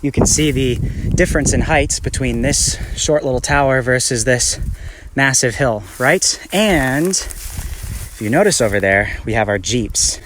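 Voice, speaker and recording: A man narrating a storytime vlog in an excitable, animated way, making fun of himself. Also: medium pitch, unhurried, background noise. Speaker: YouTuber.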